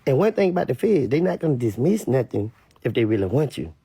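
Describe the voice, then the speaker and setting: A man rants in casual street commentary, his voice gravelly and husky and his pitch swinging widely as he talks. He repeats himself for emphasis. The recording sounds dry and close. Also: fast, dry recording. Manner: animated, repetitive, mimics others in high voices.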